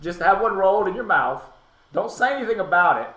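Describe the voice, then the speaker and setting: Male host, high lively voice, animated and persuasive, echoey studio. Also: brisk. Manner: animated, persuasive, stammers on restarts. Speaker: radio show host. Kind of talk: casual chat.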